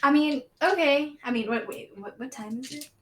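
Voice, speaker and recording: A woman playing a tabletop game, stammering and halting with many fillers. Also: high-pitched, crowd noise. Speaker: player.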